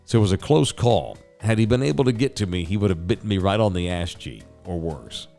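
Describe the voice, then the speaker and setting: A man's voice: low voice, expressive, a little fast, gravelly, a little mellow, faint music behind. A middle-aged man telling a story as a host, casual, rambling and profane, with sound effects.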